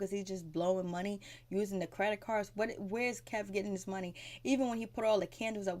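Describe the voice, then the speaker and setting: A woman's voice: medium pitch, a little mellow. Rambling woman recapping a TV episode. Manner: rambling and conversational, frank, with fillers and mild swearing. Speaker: TV recap vlogger.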